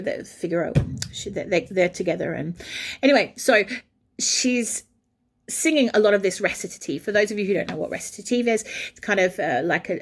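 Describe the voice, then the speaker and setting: A woman, an opera singer, telling a backstage anecdote in an animated way and breaking into sung phrases. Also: mid-range voice. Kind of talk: storytelling anecdote.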